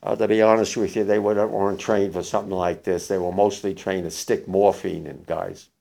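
An older man, a war veteran, gives spoken testimony to young listeners, halting and emotional with many restarts. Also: low-pitched, little pitch movement, creaky, mellow.

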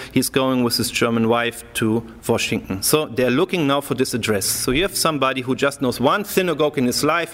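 Storytelling rabbi in a reverberant hall. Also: male voice, medium pitch. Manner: animated storyteller who acts out the people he quotes. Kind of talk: storytelling talk to an audience.

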